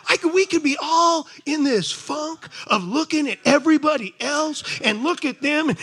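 High, bright-voiced male preacher. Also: normal speed, few pauses. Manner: animated, conversational preaching with asides to the congregation. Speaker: pastor. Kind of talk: sermon. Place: church service before a congregation.

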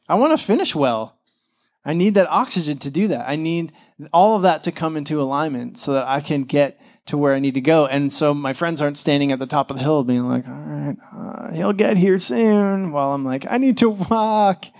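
A young man preaches in a loose, conversational way, stumbling over fillers and slipping into quick impressions of the people he quotes. His voice sits a little higher than most men's. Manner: casual, chatty preaching with many fillers and acted-out quotes. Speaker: pastor. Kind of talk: sermon.

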